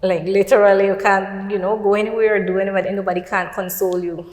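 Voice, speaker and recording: A middle-aged Belizean woman tells her story earnestly at an even, mid-range pitch, often slipping into quoted dialogue. Her voice rings with the echo of a roomy space and a long reverb tail. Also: fast. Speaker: guest. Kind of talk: personal testimony in a faith talk show.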